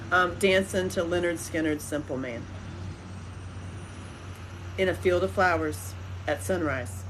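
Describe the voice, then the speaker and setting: A middle-aged woman hosts a podcast in a loose, rambling way, jumping between animated stories. Her voice sits a little low, with a faint hiss of noise behind it. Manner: rambling, animated storytelling with laughs. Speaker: podcast host. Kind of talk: casual chat.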